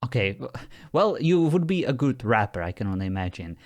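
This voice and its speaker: A man's voice: medium pitch, sing-song, fairly quick. A man hosting a test of a phone voice assistant, teasing it, getting exasperated and laughing often. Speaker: host testing a phone voice assistant. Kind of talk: casual talk with an AI.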